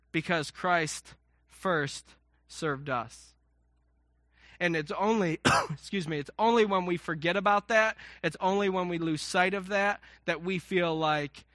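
A man's voice: high voice, pushed and bright, no echo, studio quality. A man in his thirties preaching a sermon, conversational and self-mocking, often acting out quotes and asides. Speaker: pastor.

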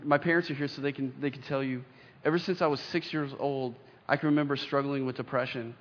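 A young man preaches with earnest weight, leaning into pauses as he reads scripture aloud. His voice sits a little high for a man. The recording is dull and lo-fi, and each phrase trails off into the long reverb of a big hall. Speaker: pastor. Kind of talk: sermon.

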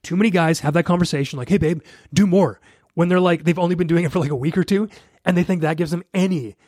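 Man, podcast host, blunt coaching monologue, quick delivery, husky voice, dry close sound. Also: on the high side, darkish tone, no echo. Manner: blunt, coaching, talks straight to listeners. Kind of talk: solo podcast advice monologue.

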